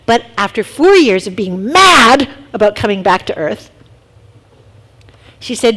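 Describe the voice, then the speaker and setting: Woman youth leader, a bit high-pitched, chatty storyteller who keeps questioning the kids. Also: moderate pace. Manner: lively storytelling, asks the group questions. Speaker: youth leader speaking to middle schoolers. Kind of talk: casual youth talk.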